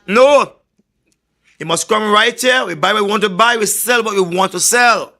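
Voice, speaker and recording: A man with a Trinidad and Tobago accent giving a political rally speech, telling boastful stories in a forceful way and often stumbling over his words before starting again. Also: high voice, normal speed, slight background noise. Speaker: political candidate.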